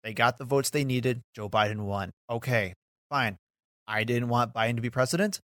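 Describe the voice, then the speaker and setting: A man co-hosting a political podcast in casual chat, talkative and quick to laugh. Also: mid-range voice, fairly bright tone, dry recording, studio quality. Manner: talkative, laughs often, hedging asides. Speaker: podcast co-host.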